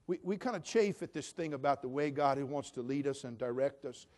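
A man's voice: mid-range voice, lively intonation, a little fast, a little mellow. An older man preaching a sermon in a folksy, homespun storytelling way with fervent conviction.

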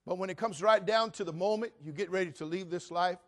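An older male pastor in his sixties preaches with animated storytelling, acting out the voices in Bible stories. His voice sits a little higher than most men's. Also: a little fast. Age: 60s. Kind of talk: sermon.

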